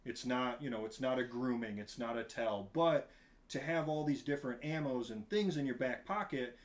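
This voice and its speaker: A man in his thirties, a podcast guest, chatting casually in a rambling, animated way and laughing often. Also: mid-range voice, moderate pace. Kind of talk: casual chat.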